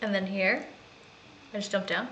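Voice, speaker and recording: A woman's voice: medium pitch, fairly even intonation, moderate pace, lo-fi sound, background noise. A woman chatting casually and giggling as she plays a video game. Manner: chatty, giggly, self-mocking. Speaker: gaming streamer. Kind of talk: casual gameplay commentary.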